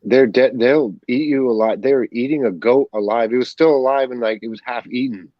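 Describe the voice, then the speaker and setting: A man's voice: medium pitch, fairly quick, no echo. A man chatting casually as a guest, playful and jokey. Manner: playful, jokey, laughs often. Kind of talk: casual chat. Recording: dull lo-fi dry sound.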